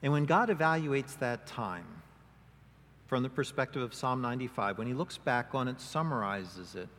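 A man delivers a sermon in a church sanctuary, his middle-pitched voice carrying a long reverb tail. He preaches expressively, lifting his voice when he acts out quoted speakers and stressing the key lines. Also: normal speed, fairly bright tone. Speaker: pastor.

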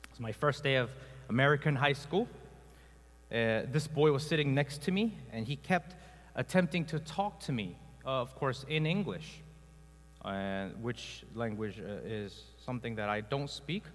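Man, pastor from South Korea, mid-pitched, chatty storytelling sermon, long church-hall reverb. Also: lively intonation, normal speed. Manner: conversational storytelling with frequent filler sounds.

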